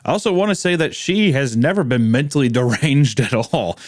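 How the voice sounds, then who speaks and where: A man's voice: medium pitch, fairly quick, no echo, clean studio sound. A man co-hosting a casual horror podcast, joking, swearing and acting out exaggerated reactions. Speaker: podcast co-host.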